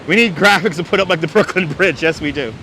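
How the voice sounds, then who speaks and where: Wry, bright-voiced man on a windy beach. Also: on the high side, fast talker. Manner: wry, joking, mock-announcer asides. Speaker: livestream host. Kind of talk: casual livestream chat reading viewer comments. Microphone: wireless clip-on mic. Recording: faint wind and surf noise.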